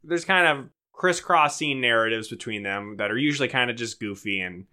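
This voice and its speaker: A man co-hosting a podcast, chatting casually about a movie and acting out lines in quick bursts. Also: mid-range voice. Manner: animated, jokey, acts out movie lines in bits. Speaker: podcast co-host. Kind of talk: casual movie review chat.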